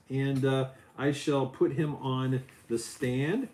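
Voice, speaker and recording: A middle-aged man hosting a casual Lego building livestream, loose and chatty, his voice jumping up when he gets excited. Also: medium pitch, slow, few pauses. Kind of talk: casual chat while building. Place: home office.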